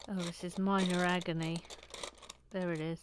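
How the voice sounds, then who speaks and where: A woman's voice: on the low side, flat delivery, normal speed, background noise. A woman hosting a casual Lego-building livestream, rambling playfully and breaking into silly sung jingles. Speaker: host.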